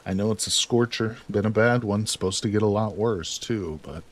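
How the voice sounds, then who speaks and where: A man's voice: lowish voice, fairly even intonation, normal speed. A man from Illinois casually commentating a multiplayer game on a live stream, laid-back and joking as he goes. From Illinois, USA.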